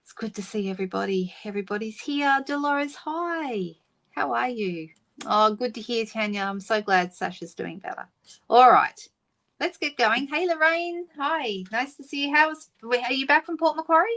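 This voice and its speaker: A woman's voice: on the high side, normal speed, fairly bright tone. A middle-aged woman hosting a papercraft live stream, chatting casually and greeting viewers by name. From Australia.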